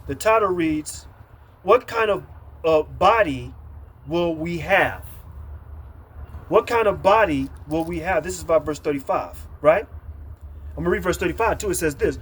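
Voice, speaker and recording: A man's voice: fairly high pitch, lively intonation, a little slow, pauses often, fairly bright tone, slightly rough. A man preaching a sermon, reading Bible verses aloud and repeating them, with many fillers and emphatic lists. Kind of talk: street-camp sermon, reading scripture aloud.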